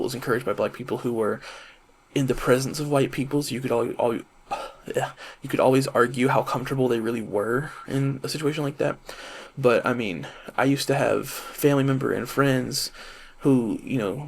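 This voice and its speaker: A man in his twenties from the American South, rambling to camera in a casual monologue, full of fillers and restarts, high while he talks. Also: vocal fry. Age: 20s. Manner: rambling and self-correcting, many fillers and restarts. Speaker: vlogger and rapper.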